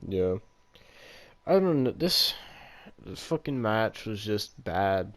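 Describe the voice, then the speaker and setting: A man's voice: fairly low pitch, very animated, slow pace, a bit bright. A man co-hosting a podcast in casual chat, ranting in an exasperated, profane way about a wrestling match. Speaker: podcast co-host.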